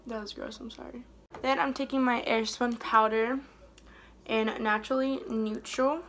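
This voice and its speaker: A young woman chatting casually while doing her makeup for a beauty vlog, rambling and trailing off softly mid-thought. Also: a little high, steady tone, moderate pace, a little hiss or hum. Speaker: beauty vlogger. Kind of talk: casual get-ready-with-me chat.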